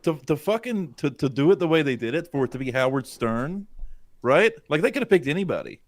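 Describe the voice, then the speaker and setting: A man's voice: a little high, sing-song, a little fast, no room sound. A man co-hosting a live show, rambling casually with heavy swearing. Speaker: podcast co-host. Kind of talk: casual livestream chat.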